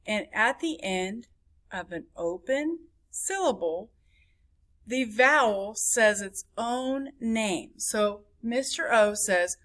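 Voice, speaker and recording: A woman's voice: fairly high pitch, lively intonation, fairly bright tone. A woman teaching a phonics lesson to a class, sounding out words syllable by syllable. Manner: slow, clapping out words syllable by syllable.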